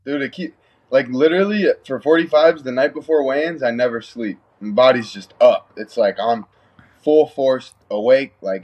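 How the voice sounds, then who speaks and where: A man's voice: medium pitch, normal speed, dull audio. A young man, a pro fighter, talking in a laid-back, slangy way. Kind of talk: casual chat.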